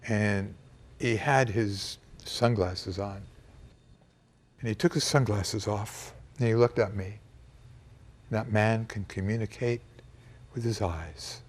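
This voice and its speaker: An older man telling a personal memory in a reflective, emotional way, dropping to a hush at times. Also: lowish voice, takes it slowly, long pauses. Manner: reflective and emotional, with quiet hushed passages. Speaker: storyteller recounting a personal memory. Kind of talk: personal storytelling to camera.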